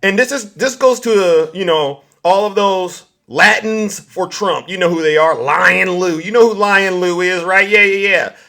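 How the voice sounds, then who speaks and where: A man hosting a political livestream, loudly taunting and mocking his viewers. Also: high-pitched, measured pace, few pauses. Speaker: livestream host.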